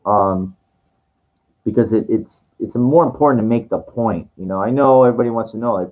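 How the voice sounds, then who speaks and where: A man's voice: fairly low pitch, a little fast. A man telling a long personal story in casual monologue, rambling and full of fillers and restarts. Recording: dull lo-fi recording.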